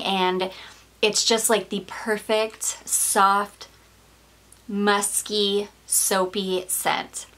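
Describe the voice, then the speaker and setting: A woman's voice: mid-range voice, a bit bright. A woman with a mid-range voice chats her way through a perfume review, slightly out of breath. She gushes and rambles, full of "like" and "um" and small laughs. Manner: rambling, gushing, with frequent fillers and little laughs. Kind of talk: casual chatty vlog.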